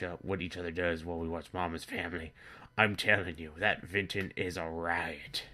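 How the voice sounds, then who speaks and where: Man, deep bright voice, rambling crude comedy narrator. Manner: rambling, absurd, crude, chuckling.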